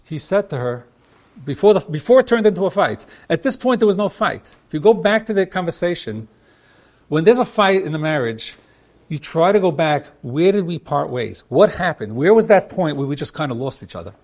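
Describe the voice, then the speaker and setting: Acting out the words of both husband and wife, this marriage counselor teaches by example, frequently repeating and starting sentences over. His voice is on the high side and darkish in tone, with big pitch swings and a slightly fast pace.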